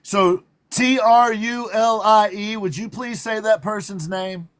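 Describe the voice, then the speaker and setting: A man's voice: sits high, fairly even intonation, slow. A man with a Southern drawl hosting a livestream talk show, playful and teasing and laughing often. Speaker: host.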